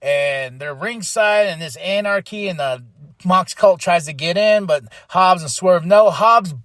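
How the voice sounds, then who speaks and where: Guy doing a chatty wrestling recap, slightly high voice, throws in silly impressions, dead dry sound. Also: no room sound. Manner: animated, quick mock voices for quoted wrestlers. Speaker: podcast host.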